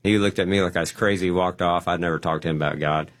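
Deep-voiced man telling a testimony story. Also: fast talker. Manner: animated storyteller, acts out quotes. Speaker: guest.

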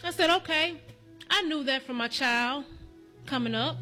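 Bright high-voiced woman preaching. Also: unhurried, long pauses, soft background music. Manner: repetitive, rhythmic preaching cadence; addresses the congregation directly. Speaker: church elder preaching. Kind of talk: testimony sermon.

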